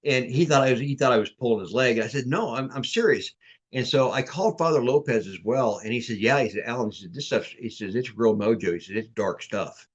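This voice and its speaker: A man's voice: mid-range voice, fairly quick, breathy edge, muffled recording. Rambling man telling a ghost story. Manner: rambling, repeats words and restarts often. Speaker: podcast guest. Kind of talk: casual storytelling chat.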